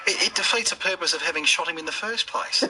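An actor playing a brash, menacing Australian standover criminal in a film scene, sneering and swearing casually. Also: male voice, fairly high pitch, fast talker, pushed and bright, a little hiss or hum, poor audio. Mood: mocking.

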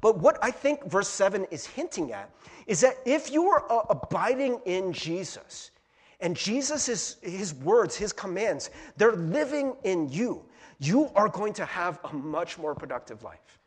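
A man preaching a casual, conversational sermon as a pastor, animated and chatty, full of fillers and repeated words. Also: sits high, a little slow, slightly rough.

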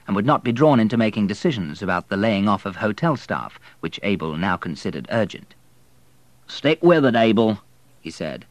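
A man narrating an audiobook in a low, steady voice. His reading is measured and even. The recording is dry, with no room sound. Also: no room sound. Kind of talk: scripted narration.

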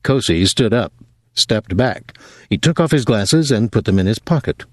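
A man giving a measured, even audiobook narration of a novel. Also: fairly low pitch, no echo. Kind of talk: scripted narration.

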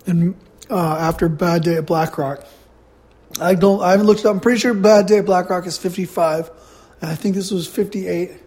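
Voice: medium pitch, fairly even intonation, normal speed, a little mellow. A podcast host rambling through a blunt, profane solo movie review while eating.

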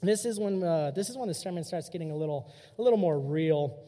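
Energetic young male youth pastor. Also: on the high side, a little fast. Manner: casual, energetic, direct address. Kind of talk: sermon. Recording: long hall reverb.

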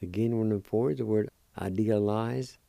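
Gravelly, dark-voiced man, slow syllable-by-syllable pronunciation teacher, dry close sound. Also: fairly low pitch, no room sound. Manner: spells and sounds out words slowly, syllable by syllable. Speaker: language teacher and radio host.

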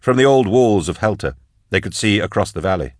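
Deep-voiced male audiobook narrator. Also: expressive, brisk, no room sound, studio quality. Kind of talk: scripted narration.

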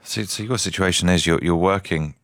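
A male breakfast radio presenter interviewing a guest, gentle and prone to stammered restarts. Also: low-pitched, brisk, dry recording, studio quality.

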